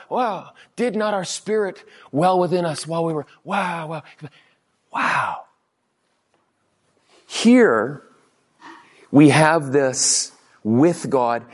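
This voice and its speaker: A man preaching a lively sermon as a pastor, acting out little quoted exchanges in different voices. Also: fairly high pitch. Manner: animated, acts out quotes in funny voices. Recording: long hall reverb.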